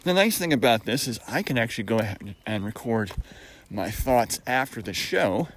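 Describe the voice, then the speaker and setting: A man's voice: medium pitch, expressive, normal speed, a little hiss or hum, low-quality recording. A middle-aged man hosting a casual solo podcast, chatty and full of wry asides and puns. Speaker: podcast host.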